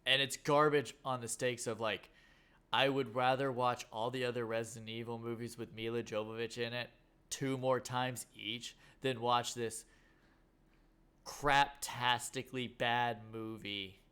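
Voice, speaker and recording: A man in a casual podcast chat, speaking with a smooth, resonant tone. He talks bluntly and leans hard on his words. His pitch sits in a plain middle range. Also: little pitch movement, normal speed, a bit bright. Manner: blunt and emphatic. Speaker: podcast co-host.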